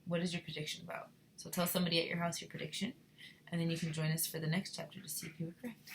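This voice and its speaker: A woman teacher reading a chapter book aloud to a class in an expressive way and then talking it through. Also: fairly low pitch, very fast, creaky, a little hiss or hum.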